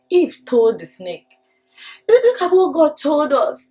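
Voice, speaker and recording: Animated woman teaching kids the Bible. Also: sits high, takes it slowly, poor audio. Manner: animated, call-and-response, repetitive. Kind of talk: Bible lesson for children.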